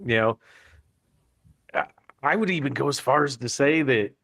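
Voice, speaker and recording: A man with a medium-pitched voice chats on a podcast panel. He hesitates and restarts, leaning on fillers, and the close mic gives a dry, roomless sound. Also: expressive, normal speed, a bit bright, no echo. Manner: hesitant, many "you know" fillers. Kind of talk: casual sports chat.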